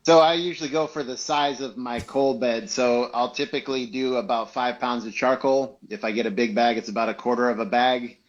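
A man, a chef guest, explaining how he grills chicken in detailed, relaxed talk. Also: mid-range voice, brisk, hardly any pauses, highs cut off. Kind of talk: casual interview.

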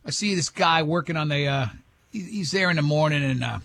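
A man hosting a radio show, telling a rambling, animated story in casual banter with his co-hosts. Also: a little high, a little fast, vocal fry. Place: radio studio.

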